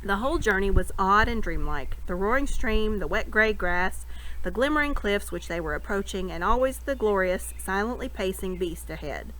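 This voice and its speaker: A woman reading a novel aloud with expressive storytelling. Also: medium pitch, moderate pace, rough recording. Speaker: reader.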